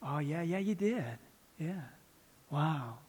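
A man voicing a sly male devil who flatters in a low coaxing whisper. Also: slow, slightly rough, exaggerated voice. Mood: flattering.

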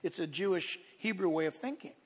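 A male pastor preaching a sermon to his church, emphatic, swinging between loud declarations and hushed asides. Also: high voice, fairly quick, slightly rough, in a large hall. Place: church sanctuary.

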